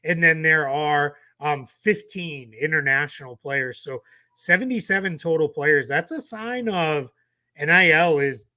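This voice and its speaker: A man's voice: fairly high pitch, measured pace, pushed and bright. A tired man with a Boston accent, co-hosting a casual sports podcast and rambling through his points. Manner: chatty, rambling with restarts. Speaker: co-host.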